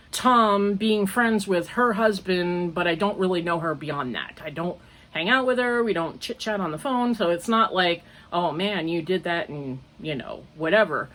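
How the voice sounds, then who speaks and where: A woman's voice: medium pitch, fairly bright tone. An older woman hosting a crochet podcast, chatting casually in a rambling, digressive way and often laughing at herself. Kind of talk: casual chat.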